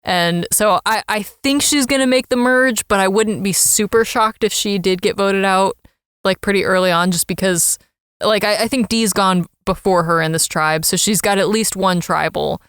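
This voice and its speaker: A woman co-hosting a casual podcast, chatty and quick to laugh. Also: medium pitch, a bit bright, clean tone, dry recording, clean studio sound. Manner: chatty, laughs easily, lots of fillers like "like". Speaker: podcast co-host.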